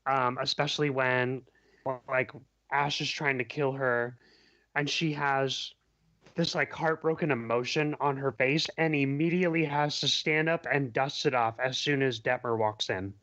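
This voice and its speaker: A man's voice: mid-range voice, steady tone, pushed and bright, dry recording, dull audio. A man who is a guest on a fan podcast, chatting eagerly and chiming in agreeably. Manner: eager, agreeable, quick to chime in. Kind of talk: casual chat.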